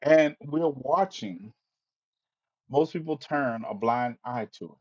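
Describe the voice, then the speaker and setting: A man's voice: medium pitch, takes it slowly, darkish tone, dull audio. A man hosting a live stream, ranting with exasperation, swearing, stammering and repeating himself. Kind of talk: impassioned live-stream monologue.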